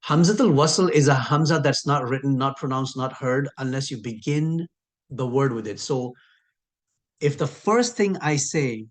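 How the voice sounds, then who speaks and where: A man teaching an online lesson at an ordinary middle pitch. He is patient and methodical, saying the same short sounds again and again and slowing down sharply on the words he wants to stress. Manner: patient, repeats key sounds slowly and stretches words for emphasis. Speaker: Arabic teacher.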